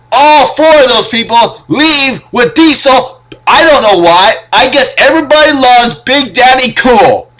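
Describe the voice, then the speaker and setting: A man's voice: high voice, sharp tone. A young man giving a casual, profane, sarcastic rant reviewing old wrestling matches.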